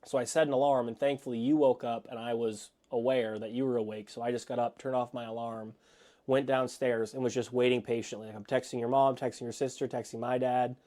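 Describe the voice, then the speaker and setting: Man telling a story in a mellow voice. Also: mid-range voice, fairly quick. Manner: rambling, excited storytelling. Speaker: podcast co-host. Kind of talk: casual chat. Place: home podcast studio.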